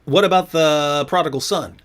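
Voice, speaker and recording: A man's voice: fairly high pitch, fairly bright tone. Chatty man on a live stream. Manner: chatty, storytelling, quick to mock. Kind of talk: casual live-stream chat.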